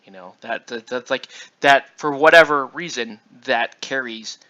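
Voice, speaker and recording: While painting, a tired man who runs a miniature painting channel rambles casually, full of fillers and restarts. His medium-pitched voice is bright and forceful but a little slow, and the lo-fi recording sounds dull.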